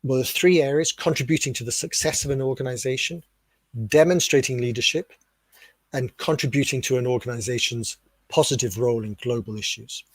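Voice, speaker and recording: A man with a British accent explaining ideas to teachers in a webinar, asking rhetorical questions in a steady, clear teaching tone. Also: mid-range voice, a little fast, no echo. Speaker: webinar speaker on teacher development. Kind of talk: explanatory lecture.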